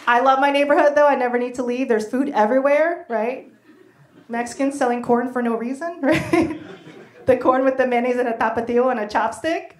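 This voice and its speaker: A woman performing a stand-up comedy set, animated and quick to act out the people in her stories. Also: high-pitched, roomy sound. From United States. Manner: animated, acts out voices in quoted bits. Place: comedy venue stage.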